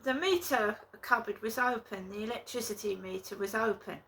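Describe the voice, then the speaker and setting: Bright-voiced woman vlogging from home. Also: a little high, normal speed, vocal fry, a little hiss or hum. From England. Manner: rambling and indignant. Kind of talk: casual vlog talk to camera. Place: her flat, indoors.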